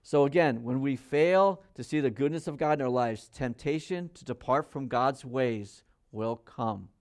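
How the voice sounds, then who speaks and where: A man preaching a sermon, reading scripture aloud with loud, emphatic rises and dropping to quiet, low asides as he explains it. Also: a little slow. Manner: reads King James scripture aloud, then explains conversationally. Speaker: pastor.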